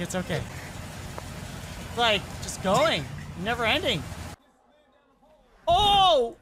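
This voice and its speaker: Lively bright reaction-video host. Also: mid-range voice, slight background noise. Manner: animated, exclaiming and narrating what animals and people think. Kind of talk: casual reaction commentary.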